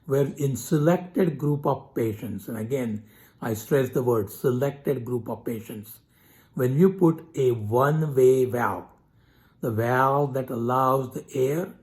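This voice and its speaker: Man explaining lung tests, measured and clear. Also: mid-range voice, a little mellow. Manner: measured, explanatory, spells out abbreviations. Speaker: physician. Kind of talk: medical explainer talk.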